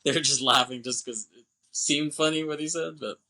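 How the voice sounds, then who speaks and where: Animated man retelling a movie. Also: on the high side, moderate pace, rough recording. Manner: animated retelling, acting out lines, profane. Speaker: podcast co-host. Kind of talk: casual movie recap.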